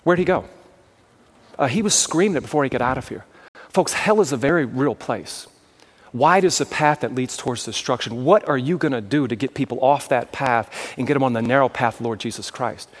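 A man's voice: mid-range voice, a little fast. A man giving a sermon-style talk as a traveling evangelist, telling stories and often asking the crowd if they follow. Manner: storytelling with frequent asides and checks to the crowd.

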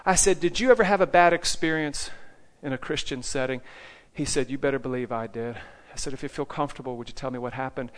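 Animated preacher man telling stories. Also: mid-range voice, quick pace. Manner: animated storytelling, keeps asking "okay?". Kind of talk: sermon with personal stories.

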